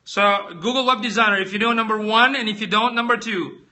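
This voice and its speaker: Speaking a little fast with a sharp tone, a squeaky-voiced man runs a laid-back live stream about tech products. He's chatty, talks straight to his viewers, and keeps asking them questions.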